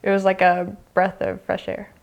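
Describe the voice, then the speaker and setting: A woman's voice: mid-range voice, monotone, normal speed, vocal fry. A young woman from the United States, a youth soccer player, recounts her story in a documentary interview, chatty and full of fillers.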